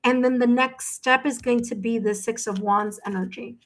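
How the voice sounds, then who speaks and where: A woman's voice: fairly high pitch, steady tone, moderate pace, a bit bright. A woman giving a live-streamed tarot reading, effusive, exclaiming and thanking viewers by name. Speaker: tarot reader.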